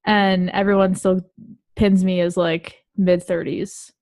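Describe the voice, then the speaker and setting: A woman's voice: fairly low pitch, flat delivery, takes it slowly, a little mellow, no echo. A woman around forty co-hosting a podcast, chatting casually in a loose, profane, joking way. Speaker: podcast co-host.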